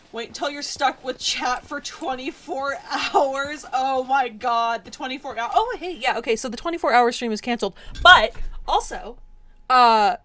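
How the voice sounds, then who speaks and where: Hoarse young woman ranting at stream chat. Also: on the high side, bright, forceful tone. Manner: mock-angry, exasperated, laughing rants at chat. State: hoarse, voice cracking from yelling. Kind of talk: casual live-stream chat with viewers.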